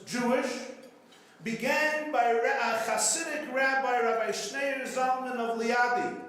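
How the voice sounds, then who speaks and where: In a big banquet hall, a male rabbi delivers an after-dinner keynote in a very high-pitched, somewhat bright voice. He tells stories, cracks jokes, and repeats lines for drama, captured on a very echoey recording with faint background noise.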